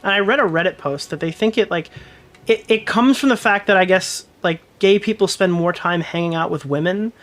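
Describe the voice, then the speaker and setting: A man casually commentating on his livestream, rambling excitably with lots of swearing. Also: sits high, a little fast.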